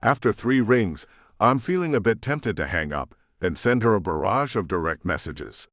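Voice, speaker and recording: A man narrating a first-person romance audiobook in a relaxed, conversational way, close to the mic. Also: fairly low pitch, normal speed, dry recording.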